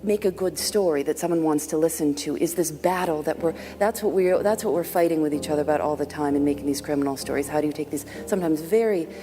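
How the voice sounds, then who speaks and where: Woman, low voice, mellow tone, conference panel, echoing hall sound. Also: fast talker, few pauses, music in the background. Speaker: podcast host. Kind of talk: panel conversation.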